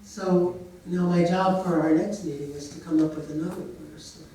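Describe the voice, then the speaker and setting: A man's voice: on the high side, fairly even intonation, moderate pace, mellow, very echoey, far from the mic, rough recording. A man telling a story in a casual way, now and then putting on voices for the characters. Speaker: storyteller and therapist.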